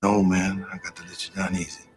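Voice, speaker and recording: An actor playing a gruff middle-aged mercenary leader in an action film, drawling tough-guy lines and saying "man" a lot. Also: low-pitched, completely flat delivery, brisk, soft background music, lightly acted. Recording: film soundtrack with ambient noise.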